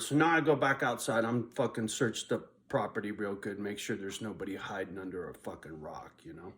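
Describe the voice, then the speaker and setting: A man's voice: fairly low pitch, a little fast, hardly any pauses, fairly bright tone. Rambling, foul-mouthed man telling a story. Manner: rambling, swears constantly, laughs at himself. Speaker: vlogger. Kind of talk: casual profane storytelling.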